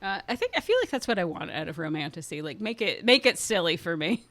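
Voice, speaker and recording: A woman co-host recapping a story's plot in a relaxed, wry way. Her voice sits a little low for a woman. The sound is dry and close, with no room echo. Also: quick pace. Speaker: podcast co-host. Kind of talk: book recap, casual chat.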